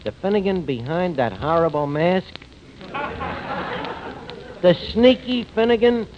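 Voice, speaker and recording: An actor in a 1940s radio comedy playing a fast-talking, sarcastic male tavern manager with slangy speech, on an old lo-fi recording. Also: high voice, animated. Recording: dull lo-fi old radio recording, faint hiss.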